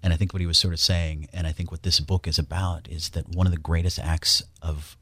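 A man's voice: low-pitched, flat delivery, fairly quick, few pauses, fairly bright tone, dry recording. A man speaking as a radio guest, enthusiastic and promotional, reading scripture aloud. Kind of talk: radio interview talk.

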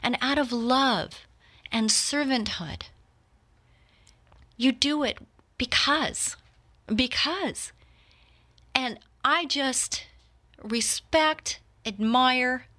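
A woman's voice: sits high, drawn-out words, long pauses, bright, forceful tone. A woman in her fifties in heartfelt personal talk, earnest and reflective, speaking straight to her listeners. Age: 50s.

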